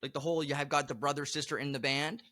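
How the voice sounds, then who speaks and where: A man's voice: a little high, fast talker, no echo, studio quality. A man hosting a podcast, chatting casually and telling stories with exaggerated complaints. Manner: animated storyteller, exaggerated complaints. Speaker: podcast host. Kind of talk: casual chat.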